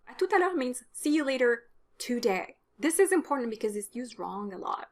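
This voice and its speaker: A woman whose first language is French, teaching French words in a video lesson with a clear, explanatory delivery and casual asides. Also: a little high, sing-song, fairly quick.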